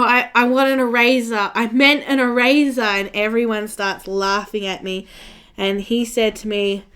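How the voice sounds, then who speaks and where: A woman's voice: mid-range voice, fairly bright tone, smooth. A young Australian woman with an Australian accent chatting casually and telling a story, laughing often, while she colors on a live stream. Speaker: coloring channel host.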